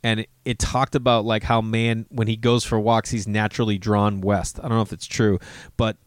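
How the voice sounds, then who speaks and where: A man's voice: fairly low pitch, little pitch movement, normal speed, clean tone, no echo. An American comedian in his forties tells a rambling personal story, swearing freely and acting out bits of quoted dialogue. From United States.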